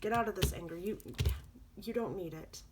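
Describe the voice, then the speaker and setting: A woman's voice: medium pitch, moderate pace, background noise. A woman doing a spoken tarot reading, coaching viewers in an earnest, repetitive way. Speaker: tarot reader.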